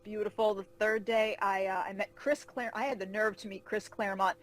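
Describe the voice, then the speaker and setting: A woman novelist being interviewed over a video call, telling animated anecdotes and acting out quoted voices. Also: medium pitch, a little fast, no echo, low-quality recording. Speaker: fantasy novelist guest. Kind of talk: casual interview storytelling.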